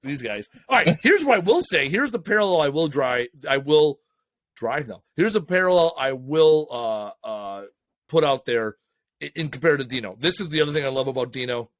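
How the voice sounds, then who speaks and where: A man co-hosting a business podcast, telling stories in a profane, excitable, casual way. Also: a little high, moderate pace, no room sound. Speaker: podcast co-host. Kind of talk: casual chat.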